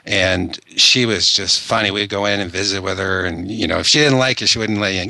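Deep, bright-voiced male host. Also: fast talker, hardly any pauses, a little hiss or hum. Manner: enthusiastic, repeats himself. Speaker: podcast host. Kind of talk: conversational interview.

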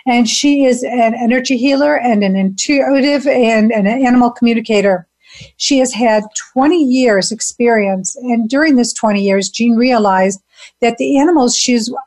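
A woman's voice: a little high, a little mellow. A woman hosting an interview, chatting casually and laughing easily. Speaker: podcast host.

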